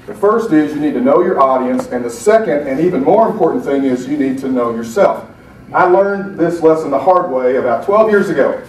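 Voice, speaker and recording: A middle-aged man from Alabama giving an animated, self-deprecating storytelling talk to a conference audience. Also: on the high side, a little fast, recorded from a distance, slight background noise. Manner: animated, self-deprecating, acts out quoted voices. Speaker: motivational speaker. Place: conference breakout room. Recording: echoey hall, speaker off-mic.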